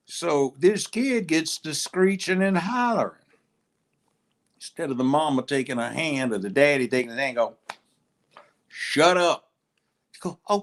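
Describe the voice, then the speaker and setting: A man who is a judge, giving a blunt, profane, animated opinion during a talk show chat. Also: medium pitch, creaky.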